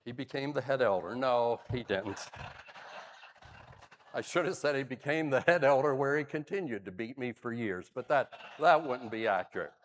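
A man's voice: medium pitch, moderate pace, big-room sound. An older man, a pastor, preaching a sermon, telling stories with dry humor. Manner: animated storyteller, dry humor. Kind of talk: sermon with storytelling.

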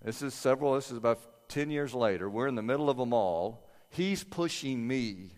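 Story-telling preacher in a reverberant hall. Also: male voice, medium pitch, animated, normal speed, a little mellow. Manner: conversational, acts out voices of family. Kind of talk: storytelling sermon.

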